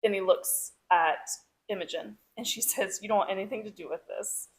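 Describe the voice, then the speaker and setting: A woman's voice: mid-range voice, normal speed. A woman co-hosting a book club podcast, reading favorite quotes aloud between bursts of laughter. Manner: reads quotes aloud, giggly. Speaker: podcast co-host. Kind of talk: casual book club chat.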